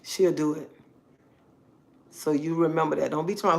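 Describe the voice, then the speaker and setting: A woman's voice: sits low, steady tone, moderate pace, gravelly. A woman talking casually to her viewers on a live stream, chatty and emphatic, repeating herself often. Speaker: livestream host.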